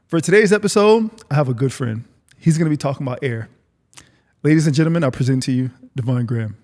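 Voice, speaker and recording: A man hosting a casual interview podcast, relaxed and chatty, often repeating his words as he asks follow-up questions. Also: mid-range voice, fast. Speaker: podcast host. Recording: long reverb.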